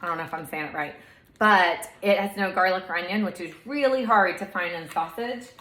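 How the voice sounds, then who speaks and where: A woman's voice: on the low side, brisk, fairly bright tone, echoey room, slight background noise, rough recording. A woman in her thirties chatting casually through a shopping haul video at home, with lots of asides. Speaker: lifestyle vlogger.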